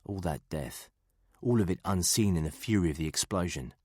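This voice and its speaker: A man reading a thriller audiobook in a measured, even way. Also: sits low, husky, no room sound, studio quality. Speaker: audiobook narrator. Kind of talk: scripted thriller narration.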